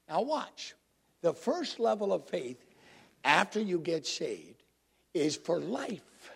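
A man's voice: on the high side, creaky, husky. A man preaching a sermon to his congregation in a conversational way, drawing listeners in. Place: church congregation.

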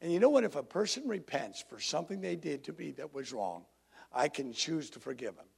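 A man's voice: a little high, big pitch swings, fairly quick, creaky, husky. A man preaching a sermon to his congregation in a conversational way, drawing listeners in. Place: church congregation.

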